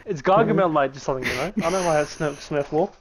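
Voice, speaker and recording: A man's voice: on the high side, quick pace, over a noisy crowd. A laid-back young man teasing his friend in a late-night chat, laughing often and calling him mate.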